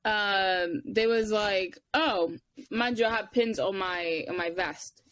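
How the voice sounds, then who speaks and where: A young woman co-hosts a podcast, telling stories slowly in casual conversation. She acts out quotes with big, animated leaps in pitch. There's no echo on her voice.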